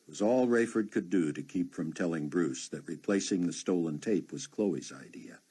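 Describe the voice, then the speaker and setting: A man narrating an unabridged audiobook in a steady storytelling manner. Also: deep voice, normal speed, hardly any pauses, slightly rough. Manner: steady storytelling with many voiced characters.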